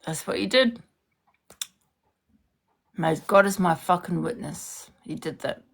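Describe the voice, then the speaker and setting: A young woman delivers a heated social media rant. Her voice has a gravelly, creaky edge. She is confrontational and hammers points home by repeating herself. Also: on the low side, slow pace, long pauses.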